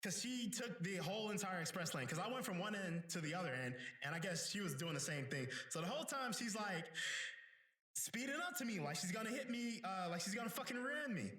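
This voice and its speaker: Profane ranting man, high lively voice. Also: fairly quick. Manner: heated, swears constantly, rambling. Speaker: podcast host. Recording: roomy sound, distant mic.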